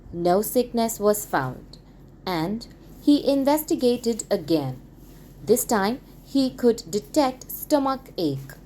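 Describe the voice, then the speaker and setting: A woman reading a classic story aloud for schoolchildren, clearly and expressively. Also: medium pitch, warm tone, a little hiss or hum. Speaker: audiobook reader. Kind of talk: expressive read-aloud narration.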